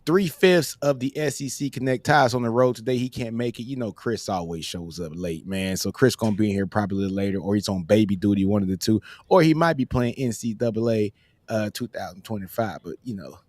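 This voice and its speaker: A man's voice: lowish voice, a little fast, darkish tone, no room sound, clean studio sound. A man hosting a sports podcast in a casual, laid-back way, tossing "man" into almost every sentence. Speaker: podcast host.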